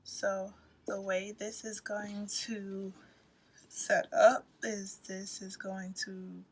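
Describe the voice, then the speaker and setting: A woman's voice: mid-range voice, flat delivery, very slow, slight background noise. A woman casually explaining a crochet project, sleepy and yawning, rambling with apologetic asides and dipping into whispers, recorded on a phone at home. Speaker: crochet tutorial host.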